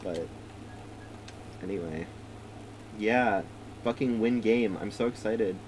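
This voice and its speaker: Low-voiced giggly young man gaming. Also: slow, darkish tone, a little hiss or hum, poor audio. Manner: giggly, rambling, swears casually. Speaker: let's play streamer. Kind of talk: casual gameplay commentary.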